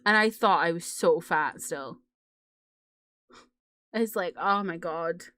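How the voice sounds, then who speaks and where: A woman's voice: fairly low pitch, takes it slowly, bright, forceful tone, dry recording, studio quality. A woman streamer with a British accent that drops her T's, chatting casually and giggling between games at a desk microphone. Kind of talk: casual live-stream chat. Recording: faint music behind.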